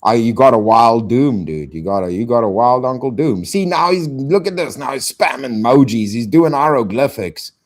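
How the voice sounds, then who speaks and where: A man's voice: medium pitch, animated, moderate pace, hardly any pauses. A man hosting a casual live stream, swearing and thanking donors in slang.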